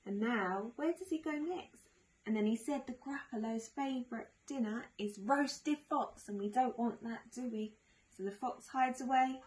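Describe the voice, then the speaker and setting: A woman teaching young children, drawing and retelling a story in a gentle sing-song way with many tag questions. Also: a little high, low-quality recording. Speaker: nursery teacher.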